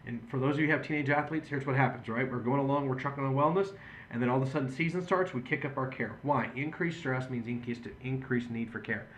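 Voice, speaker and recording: Man, chiropractor talking to patients on video, earnest and conversational, mid pitch. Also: fast, slight background noise. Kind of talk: patient education video talk.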